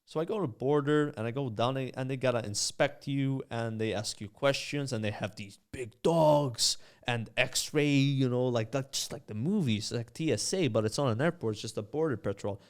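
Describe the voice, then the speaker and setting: Maltese man telling stories, smooth voice. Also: medium pitch, moderate pace, few pauses. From Malta. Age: young adult. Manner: animated storyteller, many fillers. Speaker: guest, streamer. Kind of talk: casual storytelling chat.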